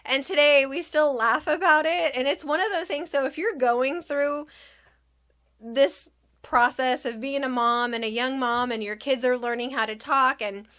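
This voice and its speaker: A woman's voice: sits high, moderate pace, fairly bright tone. A young woman and mother telling a funny story to her viewers in a casual way, acting out quotes and laughing often. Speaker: vlogger.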